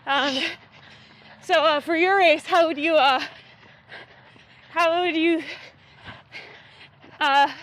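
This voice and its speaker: A woman co-hosts a relaxed podcast chat in a high voice. Her tone is bright and tense, and she teases playfully. She often pauses and hedges with ums. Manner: playful, teasing, hesitant with many ums. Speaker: podcast co-host. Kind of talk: casual chat.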